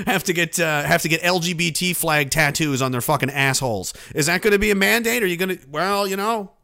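A man's voice: fairly high pitch, fairly quick, bright, forceful tone. A man delivering sarcastic, profane, indignant commentary.

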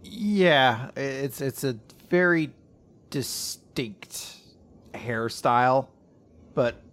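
A man's voice: medium pitch, drawn-out words, fairly bright tone. Mid-range male podcast co-host, eager and jokey, loose casual delivery. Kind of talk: casual chat about a comic.

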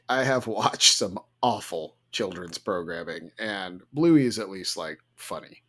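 A man's voice: low voice, lively intonation, a little slow, few pauses, bright, forceful tone. A man in his thirties co-hosting a casual podcast, joking and playfully exaggerating. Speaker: podcast co-host. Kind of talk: casual chat.

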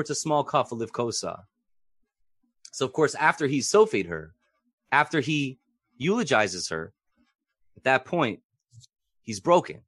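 A man's voice: medium pitch, a bit bright, no echo, clean studio sound. A man teaching a Bible class in a theatrical, questioning way, acting out the figures in the text. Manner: theatrical, questioning, acts out quotes. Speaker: Torah teacher.

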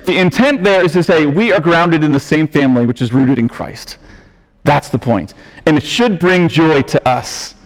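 A man's voice: on the high side, moderate pace, in a large hall, low-quality recording. A man preaching as a pastor, earnest and conversational, shifting his emphasis as he explains the text. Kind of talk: sermon. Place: church sanctuary.

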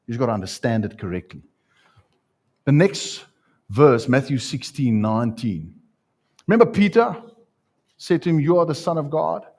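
This male pastor talks at a normal speed in a medium pitch, pausing often. He preaches a sermon full of animated stories to his congregation and calls people up for a live demonstration.

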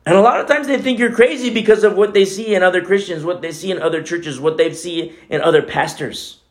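A man's voice: high voice, a little fast. A man preaching a sermon as co-pastor, talking in a conversational way with many asides.

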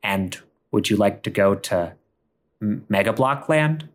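A man voicing an earnest, loyal friend who speaks in a low, solemn, heartfelt way. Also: animated, measured pace.

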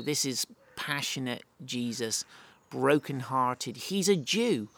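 A man with a slightly higher-pitched voice delivers a sermon. He reads passages aloud and then unpacks them with lively, chatty asides. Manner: animated, reads verses then explains them conversationally. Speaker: preacher. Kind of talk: sermon with scripture reading.

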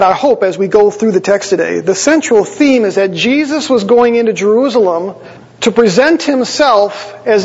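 A man's voice: sits high, gravelly, a little mellow, breathy edge. A man preaching a sermon to his congregation, explaining the text conversationally and with small asides to the listeners. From Wisconsin. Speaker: pastor. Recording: dull lo-fi sound with long church reverb.

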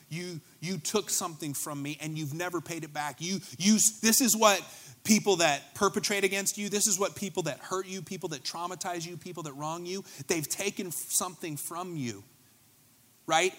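Bright-voiced animated young male preacher. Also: fairly high pitch. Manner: animated, conversational preaching with asides and jokes. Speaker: pastor. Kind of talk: sermon.

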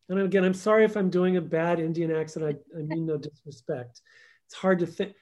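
Brief: man, interview guest, higher-pitched voice, storytelling, acts out quotes. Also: a little fast, a little mellow. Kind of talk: conversational podcast interview.

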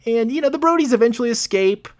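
A man's voice: very high voice, lively intonation, fast, darkish tone. A man co-hosting a podcast, casually retelling a movie's plot and laughing often as he goes. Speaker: podcast co-host. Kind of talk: casual movie recap chat.

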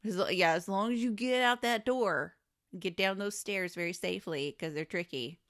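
A woman's voice: mid-range voice, moderate pace, a bit bright. A woman co-hosting a podcast, adding dry, wry quips while chatting casually about a bad movie. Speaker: podcast co-host. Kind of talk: casual movie recap chat.

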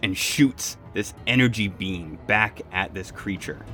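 A man's voice: lowish voice, a little slow, sharp tone, faint music behind. A man narrating a tabletop game as game master, describing scenes vividly and making sound effects.

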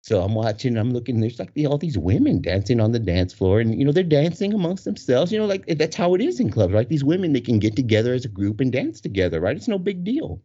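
A man telling a casual story with animated energy, laughing often and acting out the voices of the people in it. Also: medium pitch, quick pace, few pauses, husky. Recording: dull lo-fi recording.

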